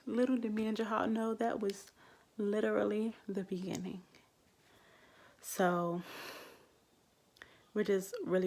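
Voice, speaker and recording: A young woman vlogger slowly and reflectively telling her own birth story to camera. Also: fairly low pitch, gravelly. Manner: slow, reflective, heartfelt.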